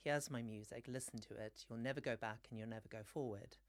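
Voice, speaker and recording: A man's voice: medium pitch, a little fast, dry recording. A man who is a podcast guest, telling a story in casual chat and laughing as he goes. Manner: animated storyteller, laughs mid-sentence. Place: studio.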